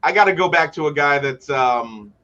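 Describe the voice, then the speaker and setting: A man co-hosting a casual sports talk show, eager and quick to talk players up. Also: a little high, expressive, sharp tone, dull audio. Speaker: co-host analyst.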